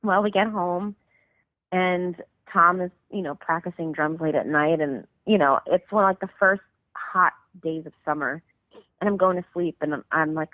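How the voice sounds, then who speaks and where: A woman's voice: fairly low pitch, normal speed, dry recording. Rambling woman on a tinny phone line. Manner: rambling, filler-heavy, lots of "like". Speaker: musician guest. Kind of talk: casual storytelling over the phone. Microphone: phone call.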